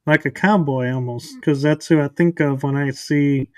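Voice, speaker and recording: A man's voice: on the high side, steady tone, moderate pace, no room sound. A man hosting a podcast, making thoughtful, reflective remarks in casual conversation. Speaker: podcast host. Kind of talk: casual chat.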